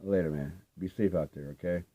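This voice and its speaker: Older man, deep voice, warm mellow tone, rambling laid-back record chat at home. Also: brisk, breathy edge. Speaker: vinyl collecting vlogger. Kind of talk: casual rambling show-and-tell.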